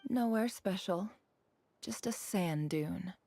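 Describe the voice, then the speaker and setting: A secretive young desert wanderer in a video game, speaking low and gravelly with a dark, mellow tone. Her answers are short and evasive, sometimes nearly whispered. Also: takes it slowly. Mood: cryptic. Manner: terse, cryptic, low-spoken. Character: mysterious young woman from the desert. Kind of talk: game voice acting.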